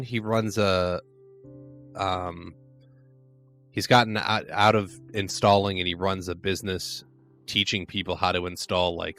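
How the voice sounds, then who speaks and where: A man's voice: low-pitched, sharp tone. An American man from Arizona with a mostly neutral accent and a slight Chicago twinge, chatting casually as a podcast guest, with lots of "like" fillers and restarts. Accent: near-neutral American with a slight Chicago twinge. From Arizona, United States. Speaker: podcast guest, flooring business owner. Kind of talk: casual conversation.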